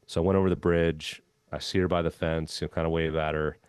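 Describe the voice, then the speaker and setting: A man who used to be a golf club head pro tells a long anecdote in an interview, relaxed and full of "um" and "you know.". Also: a bass voice, fast, clean tone, dry recording. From Minnesota. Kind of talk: storytelling in a conversational interview.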